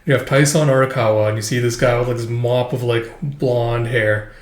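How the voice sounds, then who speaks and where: A man's voice: mid-range voice, fairly even intonation, normal speed. A man casually recapping a manga chapter, rambling and full of filler words. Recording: echoey room.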